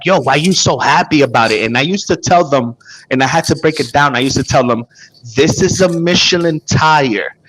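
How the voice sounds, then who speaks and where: A man's voice: a bit bright, low-quality recording. An everyday man in casual conversation with a mid-range voice. He makes his case with emphasis and breaks things down piece by piece. He acts out both sides of old arguments as he goes. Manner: emphatic, explains with role-played sales pitches. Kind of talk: casual chat.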